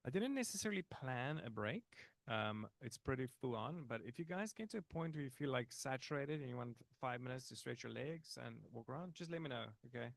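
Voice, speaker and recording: A man's voice: mid-range voice, animated, brisk, creaky, few pauses, dry recording. A man teaching a live conference workshop, talking in a casual, chatty way with fillers and restarts. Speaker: workshop instructor. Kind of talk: live technical workshop talk.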